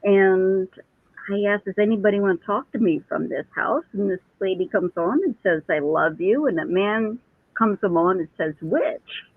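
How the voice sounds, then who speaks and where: A woman's voice: mid-range voice, moderate pace, no echo. A woman who is a psychic medium, chatting casually as a guest and telling stories with many restarts. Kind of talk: casual chat. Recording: tinny phone line, dry.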